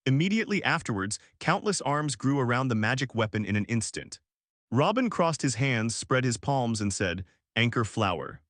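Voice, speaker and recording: Flat male text-to-speech narrator. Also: medium pitch, normal speed, no room sound, clean studio sound. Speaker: audiobook narrator. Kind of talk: machine-read novel narration.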